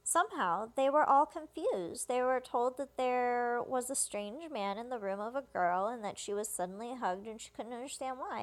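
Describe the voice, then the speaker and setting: Let's play host, woman, casual reader, voice a bit high. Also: moderate pace, few pauses. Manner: reads punctuation aloud, casual "she's like". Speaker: let's play host translating game text. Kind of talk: casual live translation and narration.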